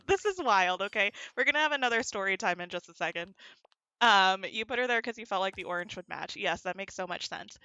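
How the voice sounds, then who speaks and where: A woman from the United States casually streams a game, answering chat in a neutral American accent, with rising inflection at the ends of many sentences. Her voice is a little high, pushed and bright. The recording is both dry and muffled.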